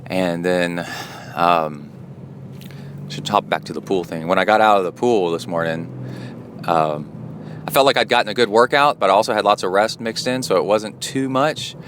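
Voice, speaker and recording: A man's voice: deep voice, moderate pace, a bit bright, a little hiss or hum. A man who coaches triathlon and hosts a podcast, talking in a rambling, chatty way. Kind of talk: casual spoken monologue.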